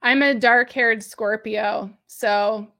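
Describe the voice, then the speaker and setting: Creaky-voiced laughing woman co-host. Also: on the high side, slow. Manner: animated, laughs often. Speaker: podcast co-host. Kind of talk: casual chat.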